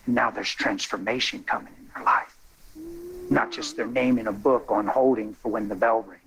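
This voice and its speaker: A man telling a testimony in a sermon, animated and folksy, building to excited exclamations. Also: on the low side, moderate pace, rough recording. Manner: colloquial, folksy phrasing.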